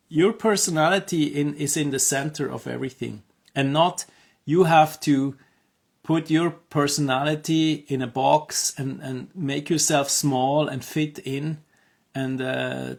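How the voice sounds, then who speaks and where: A man's voice: medium pitch, vocal fry. A man coaching on health, talking to camera in a casual, earnest promotional monologue, hesitant with many fillers and restarts. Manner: earnest, encouraging.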